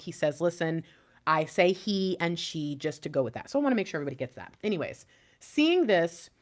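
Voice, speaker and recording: An excitable young woman reads tarot cards in a casual, chatty way. Her voice swoops up and down with lively pitch, and she gasps and exclaims as the cards turn up. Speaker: tarot reader.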